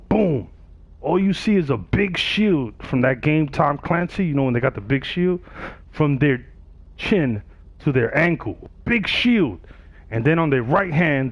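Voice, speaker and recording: On his livestream, a male gamer tells a story in a relaxed way and does the voices of the other people in it. He speaks on the high side, with no echo, and the sound is dull and dry.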